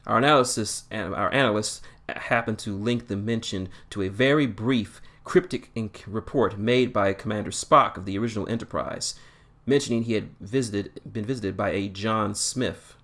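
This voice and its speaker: A calm starship captain from a read-aloud story, measured and quietly pressing. A man voices him low and even, close to his own voice. He never hurries his questions. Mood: probing.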